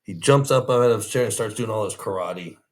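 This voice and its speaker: A man's voice: on the low side, brisk. A man, a former prison guard, telling rambling, easygoing anecdotes in an interview, full of restarts and fillers.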